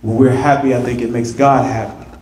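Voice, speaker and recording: A pastor preaching a sermon in a church, animated, repeating words and building to emphatic, rising peaks. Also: male voice, medium pitch, fairly quick. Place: church sanctuary. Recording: echoey church sanctuary.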